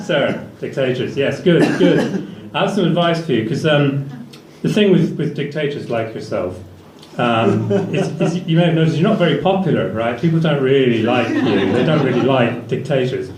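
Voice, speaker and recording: Deadpan man doing stand-up. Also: mid-range voice, a little hiss or hum. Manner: dry, rambling delivery with fillers. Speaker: stand-up comedian. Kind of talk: stand-up comedy set. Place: small comedy venue. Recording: echoey venue, picked up from a distance, faint ambience.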